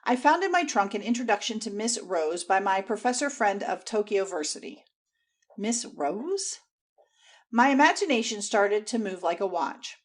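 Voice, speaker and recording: A woman reads a diary aloud as audiobook narration, in a voice of middling pitch. Her delivery is theatrical, leaping up for exclamations and dropping into soft, hushed asides. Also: moderate pace. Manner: expressive, theatrical, with wide swings between bright exclamations and hushed asides. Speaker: audiobook reader.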